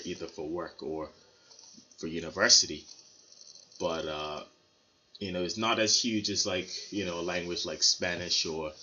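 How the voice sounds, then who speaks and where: Brief: man from Bermuda, low voice, bright forceful tone, rambling vlog storyteller, slightly dull lo-fi recording. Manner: rambling, many fillers and restarts. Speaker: vlogger. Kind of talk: casual storytelling to camera. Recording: slightly dull lo-fi sound with faint noise.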